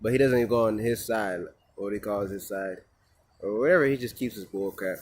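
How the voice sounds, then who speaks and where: A man's voice: fairly low pitch, fairly quick, a little mellow, slight background noise. A man venting in a casual vlog, rambling and swearing, with many fillers and restarts. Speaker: vlogger.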